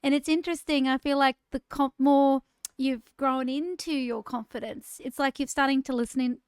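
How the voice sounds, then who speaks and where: A woman's voice: high-pitched, fairly even intonation, moderate pace, no room sound, clean studio sound. A woman co-hosting a podcast in casual chat, laughing often and restarting her sentences. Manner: warm, chatty, laughs often, repeats words when starting sentences. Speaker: podcast co-host.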